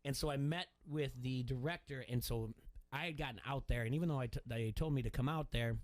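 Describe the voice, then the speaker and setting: A man's voice: medium pitch, fairly quick, dry recording. A man hosting a sports radio show, talking loosely with lots of likes and you-knows. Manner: loose, filler-heavy conversational delivery. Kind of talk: casual radio talk. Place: radio studio.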